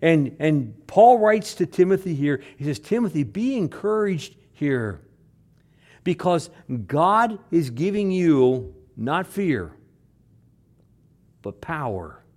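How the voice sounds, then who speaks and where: A man preaching a sermon, repeating phrases for emphasis and swinging between loud stresses and hushed words. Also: a little high, very animated, slow. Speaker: pastor.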